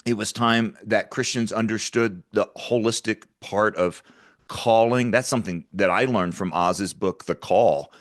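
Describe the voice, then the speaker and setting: A man's voice: lowish voice, measured pace, no echo, clean studio sound. A man speaking as a guest in a conversational interview, earnest and talking through frequent stammered restarts.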